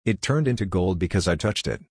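A man voicing a greedy, excitable king in a storybook, eager and pleading, with a low, husky voice. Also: a little fast, no room sound, studio quality.

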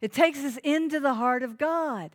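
A woman's voice: high voice, normal speed. A woman pastor preaching a sermon, earnest and emphatic, asking the congregation questions.

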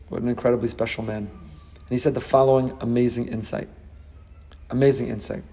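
A man, a rabbi giving a Torah class, animated and acting out dialogue with rhetorical questions. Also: medium pitch, breathy edge, long reverb tail.

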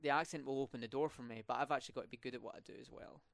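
A young Scottish man with rolling R's talks casually in a student podcast interview. His voice is smooth and resonant, picked up dry and close with no room sound. He often fills pauses and restarts his sentences. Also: medium pitch, steady tone, fairly bright tone, dry recording. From Scotland. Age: young adult. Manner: rolled R's, many fillers and restarts.

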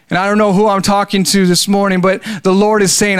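A man's voice: high-pitched, level tone, a little fast, hardly any pauses, clear, resonant tone. A man preaching a sermon as a pastor, calling for amens and building to fervent exhortation. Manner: preaching with call-and-response, rising to fervent exhortation. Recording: faint music behind.

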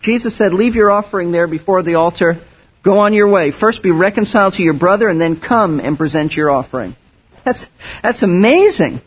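Pastor, male, high and husky voice, earnest emphatic sermon delivery, dull lo-fi recording. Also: animated, a little fast. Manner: earnest and emphatic, with frequent restarts. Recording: dull lo-fi sound.

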